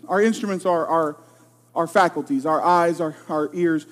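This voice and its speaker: A man's voice: sits high, fairly even intonation, moderate pace. A man in his late twenties preaching a sermon, telling a personal story with emphatic, self-deprecating delivery. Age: 20s. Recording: long hall reverb.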